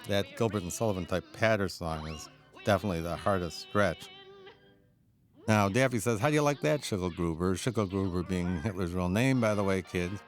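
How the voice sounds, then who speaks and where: A man's voice: low voice, normal speed, faint music behind. A man giving a chuckling, enthusiastic audio commentary on an old cartoon, sharing anecdotes as he goes. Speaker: film commentator.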